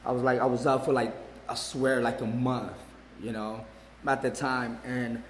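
Man, forties, rambling, repeats himself, medium pitch, roomy hall reverb, faint background hum. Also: flat delivery, moderate pace. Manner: rambling, repeats words, many fillers. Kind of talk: personal testimony. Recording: echoey hall with long reverb, faint ambience.

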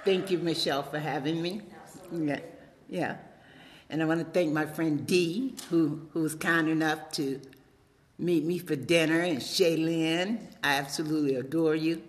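A woman's voice: deep voice, steady tone, unhurried. A middle-aged woman with a Louisiana accent, giving a chatty, joking personal testimony at a podium in a meeting room. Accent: Louisiana Southern. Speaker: speaker at a recovery meeting. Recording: reverberant hall.

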